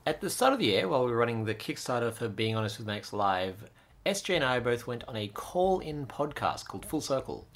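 A man's voice: medium pitch, very animated, a little fast, a bit bright. An Australian man hosting a podcast, introducing the episode in an upbeat, chatty way. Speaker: podcast host.

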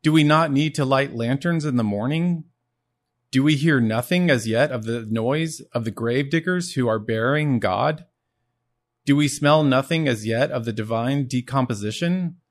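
A man voicing a frantic male madman preaching in a marketplace, reading the passage aloud with rising intensity. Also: medium pitch.

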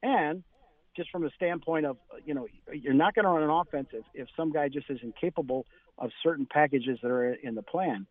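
A male sports reporter phoning in to a radio show. The line is thin and phone-like, his voice a touch high and dry. He tells practice stories in animated bursts, acting out what the coaches said. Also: moderate pace, dry recording.

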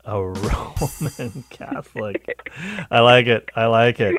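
A man's voice: mid-range voice, slow, fairly bright tone, dry recording, faint music behind. A man hosting a call-in radio show, explaining things at length and laughing easily with callers. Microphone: studio microphone.

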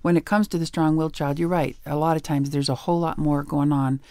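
A woman's voice: low-pitched, fast, no echo. A woman guest on a radio talk show, an author and educator telling stories with chuckles, on a studio mic. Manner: animated storyteller, chuckles often.

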